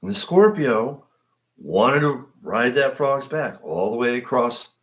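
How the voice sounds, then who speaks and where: A man's voice: mid-range voice, very animated, slow pace, a bit bright, full character voice. A man doing an impression of a boastful older male politician, bragging in repeated superlatives. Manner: repetitive superlatives, showy.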